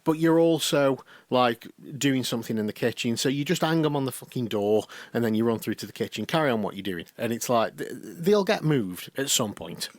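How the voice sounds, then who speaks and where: A man's voice: mid-range voice, brisk, few pauses, no echo. On-male podcast co-host, casual, sweary storyteller, dry close mic. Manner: animated, swears freely, acts out the other people in the conversation.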